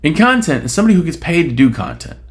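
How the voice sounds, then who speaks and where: A solo podcast host talks at a racing clip in a slightly high voice with big swings in pitch. He's blunt, opinionated and casually profane, throwing in rhetorical questions and a frequent "right?"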